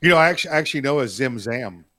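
A man's voice: mid-range voice, lively intonation, fast talker, bright, forceful tone. A male podcast co-host in a casual chat, who cracks jokes and often stalls on fillers and restarts. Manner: joking, hesitant with many fillers.

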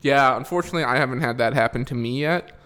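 A young male comedian chatting casually, joking in a deadpan, mock-boastful way. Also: medium pitch, quick pace. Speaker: comedian and podcast co-host. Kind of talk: casual chat.

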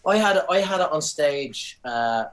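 Animated Irish man telling stories. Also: fairly high pitch, normal speed. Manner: animated, swearing, storytelling with indignant asides. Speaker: comedian guest. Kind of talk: casual podcast chat.

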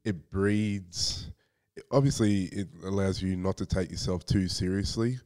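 A man's voice: deep voice, fairly even intonation, unhurried, darkish tone. A man as a podcast host in a casual chat, loose and conversational with some swearing.

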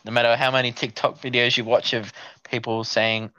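A young man co-hosting a casual podcast, laid-back and hesitant, filling gaps with ums. His voice is bright and a little tense. The sound is dry and slightly lo-fi. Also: medium pitch, level tone, brisk, no echo. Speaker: podcast co-host.

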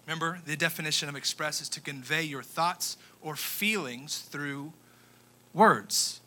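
A young man preaching a sermon as a youth pastor, animated, swinging between quiet and loud with emphatic pauses. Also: fairly high pitch.

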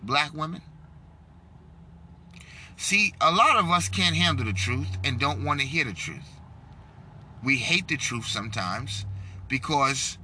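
A man in a car delivering an impassioned, preachy monologue, swinging between loud outbursts and low hushed lines. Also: slight background noise.

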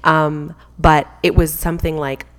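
A woman's voice: low voice, little pitch movement, unhurried. A woman hosting a casual podcast chat, talking in a loose, chatty way with lots of "like". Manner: chatty, uses "like" a lot. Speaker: podcast host.

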